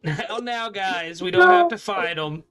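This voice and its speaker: A man's voice: high voice, very animated, a little slow, gravelly, music in the background. A man playing the captain in a tabletop game, playful and laughing often. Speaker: player and captain. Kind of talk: in-character tabletop play.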